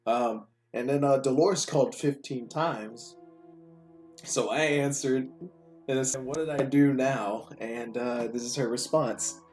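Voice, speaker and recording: A man reads a story game aloud in a casual, chatty way, with incredulous outbursts between passages. His voice sits at an ordinary pitch, and soft music plays underneath. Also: fairly even intonation, unhurried. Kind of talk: casual let's-play narration.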